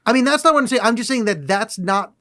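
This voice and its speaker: A man with a notably high voice co-hosting a casual podcast, walking through a movie plot in a hesitant, rambling way. He stops to correct himself and to argue small points. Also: expressive, fast talker, bright, forceful tone. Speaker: podcast co-host. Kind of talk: casual movie-recap chat.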